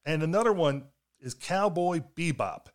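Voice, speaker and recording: A man's voice: a little high, animated, moderate pace. A man hosting a podcast interview, talking casually with fan enthusiasm and stumbling over his starts. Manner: friendly fan enthusiasm, repeats words when starting.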